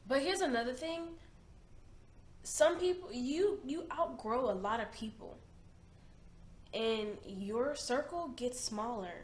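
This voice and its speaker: A woman's voice: high-pitched, slow, pauses often. A young woman in her twenties, hosting a reaction video in casual chat, emphatic and slangy, often repeating herself. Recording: roomy echo, faint noise.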